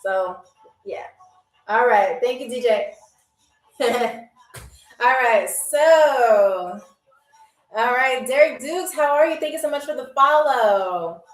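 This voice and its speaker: High-voiced woman hosting a live trivia stream. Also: expressive, takes it slowly, pauses often. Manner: chatty, greets viewers by name. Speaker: game show host. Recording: roomy echo, distant mic, faint music. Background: faint music from a DJ.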